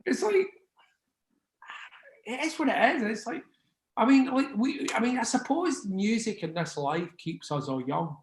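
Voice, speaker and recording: A man's voice: very high voice, sing-song, a little slow, pauses often, slight background noise. Rambling Scottish man in an echoey room. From Scotland. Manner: rambling, sweary, keeps asking "do you know what I mean". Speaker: interviewee, record label founder. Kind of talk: casual interview chat.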